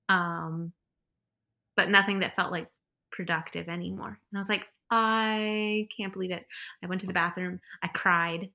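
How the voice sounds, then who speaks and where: Bright-voiced chatty woman laughing often. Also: on the low side. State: pregnant. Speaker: mother telling her birth story. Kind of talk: casual storytelling.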